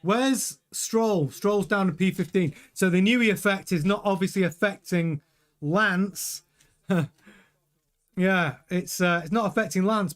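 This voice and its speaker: A man hosting a live race watchalong, chatting excitably over the timings with frequent stumbling restarts. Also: high-pitched. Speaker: host.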